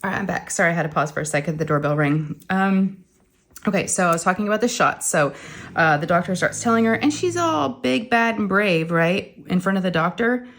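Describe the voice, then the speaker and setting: A woman's voice: lowish voice, animated, a little fast, a bit bright, a little hiss or hum. Rambling woman telling a story. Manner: rambling storyteller, acts out quotes. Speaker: crafting channel host. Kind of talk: casual chat while crafting.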